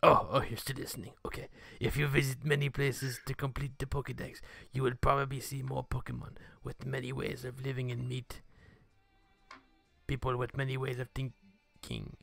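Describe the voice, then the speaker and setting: A man's voice: medium pitch, completely flat delivery, moderate pace, creaky, a bit bright, no echo, faint music behind. A man voicing a male Pokemon professor's speech from a game, reading it in an offhand, jokey way. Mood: mock-solemn. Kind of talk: reading game dialogue aloud in a let's-play.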